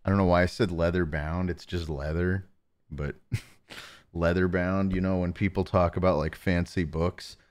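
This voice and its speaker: A man hosting a live stream, chatting casually with viewers and talking softly close to the mic to save his voice. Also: low voice, fairly even intonation, normal speed, clean tone. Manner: joking, reads chat names aloud. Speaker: livestream host.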